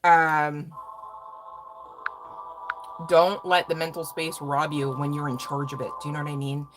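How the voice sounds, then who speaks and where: A woman's voice: low-pitched, level tone, a little slow, music in the background, rough recording. A woman giving a casual live tarot reading, rambling and swearing freely with laughing asides. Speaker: tarot reader.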